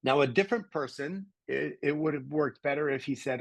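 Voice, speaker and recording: A middle-aged man from Canada, a podcast guest telling stories in a lively conversational way and acting out the voices of people he quotes. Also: mid-range voice, moderate pace, gravelly, hardly any pauses, slightly rough, no room sound, low-quality recording. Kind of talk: conversational storytelling.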